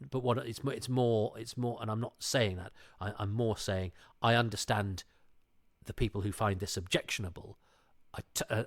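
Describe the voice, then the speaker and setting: Man, low voice, dry close mic, rambly casual podcast chat, lots of restarts. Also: no room sound. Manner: rambling, self-interrupting, frequent restarts. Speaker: podcast guest.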